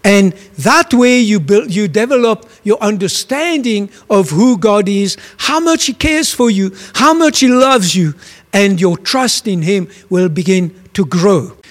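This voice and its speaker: A man's voice: high voice, big-room sound. A man preaching a sermon, telling a story emphatically and asking his listeners questions.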